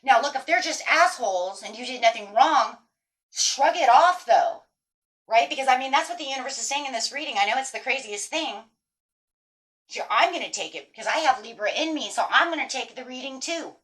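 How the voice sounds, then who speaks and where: Woman tarot reader, higher voice, animated and emphatic casual talk to the camera. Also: a little fast. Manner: animated, emphatic, swears casually, talks straight to viewers. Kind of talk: casual tarot reading monologue.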